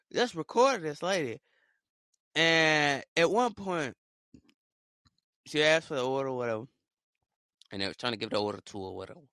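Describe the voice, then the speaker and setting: A young man vents on his casual podcast, his voice bright and fairly high. He tells stories with slangy, excitable energy. The sound is dry and close. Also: no room sound. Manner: animated, excitable, slangy storytelling. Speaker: podcast host. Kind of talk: casual commentary.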